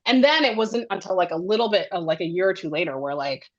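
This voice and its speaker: A woman who directs and produces children's television, chatting as an interview guest in a chatty, animated way with many fillers. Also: lowish voice, quick pace, dull audio. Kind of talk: casual interview chat.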